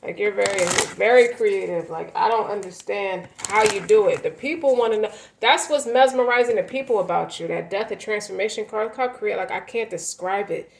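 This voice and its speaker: A woman's voice: medium pitch, moderate pace, creaky, few pauses, a little hiss or hum, rough recording. A woman gives a tarot reading in a loose, casual way. She rambles and stresses her words, doubling back to restart her sentences as she goes. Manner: rambling, emphatic, many fillers and restarts. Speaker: tarot reader.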